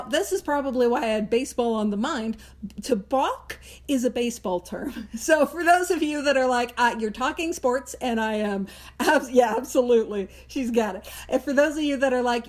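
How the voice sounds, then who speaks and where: A woman hosting a recovery book study, explaining the reading in a casual, animated way and acting out little voices and jokes. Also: high-pitched. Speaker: host of a Big Book study. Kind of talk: casual teaching talk.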